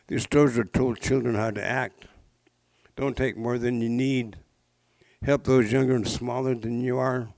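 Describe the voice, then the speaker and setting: His voice is medium-pitched, darkish and full of vocal fry: a sixty-something traditional storyteller from the Pacific Northwest sharing legends with a live audience at a public library. He's playful and interactive, with jokey asides and questions. The recording is dry, the audio poor.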